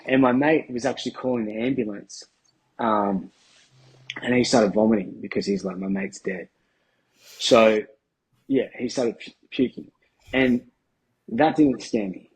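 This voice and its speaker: An Australian man in his thirties, a guest telling his story bluntly in slangy, halting speech with plenty of ums. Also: medium pitch, breathy edge, poor audio. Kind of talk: candid interview storytelling.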